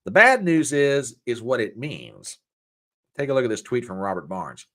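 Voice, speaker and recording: A man hosting a political commentary show, talking in an animated, folksy, indignant way. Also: mid-range voice, moderate pace. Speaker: host.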